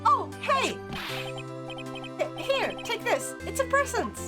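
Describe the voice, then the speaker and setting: A woman voicing an excitable, melodramatic young male friend in a game, loud and whiny, over game music. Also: very high-pitched, slow, pitched above the performer's own voice, exaggerated voice. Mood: eager.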